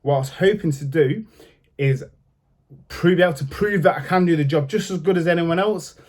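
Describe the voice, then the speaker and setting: Swearing young man, slightly high voice. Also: brisk. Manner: blunt, swears freely, rising to angry outbursts and sinking to quiet regret. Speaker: vlogger telling his own story. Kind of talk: casual storytelling to camera.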